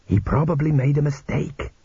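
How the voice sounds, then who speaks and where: A man's voice: on the high side, moderate pace, dark tone, breathy edge, dry recording. A man doing a dry, sardonic young rescuer. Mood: wry. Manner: dry, wry understatement. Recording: dull lo-fi audiobook recording.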